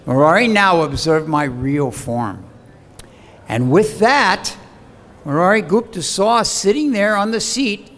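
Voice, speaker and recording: A man giving a scripture lecture as an animated, dramatic storyteller who acts out the quoted voices. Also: high voice. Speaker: preacher. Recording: long hall reverb, faint background hum.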